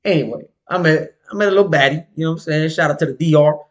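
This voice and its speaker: A man's voice: on the high side, very fast, muffled recording. A man telling a story in a casual chat, slangy and profane, acting out the voices of the people in it. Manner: animated, slangy and profane, acts out quoted voices. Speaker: podcast co-host telling a story.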